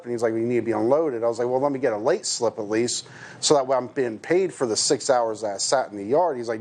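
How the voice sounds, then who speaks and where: A man's voice: medium pitch, quick pace, a little mellow. A man from the United States, a truck driver, giving a hesitant personal account with many restarts and fillers.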